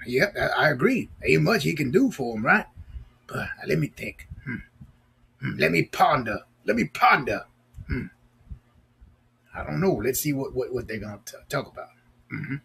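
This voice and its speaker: A man's voice: medium pitch, expressive, moderate pace, vocal fry, long pauses, fairly bright tone, breathy edge. A man reading a storybook aloud to children, chatting playfully and asking them questions between passages. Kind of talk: storybook read-aloud with asides.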